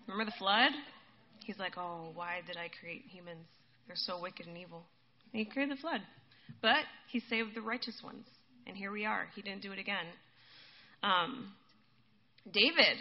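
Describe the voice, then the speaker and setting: Chatty woman preaching, slightly high voice. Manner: conversational, addresses listeners as guys, laughs often. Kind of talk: casual sermon. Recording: dull lo-fi recording.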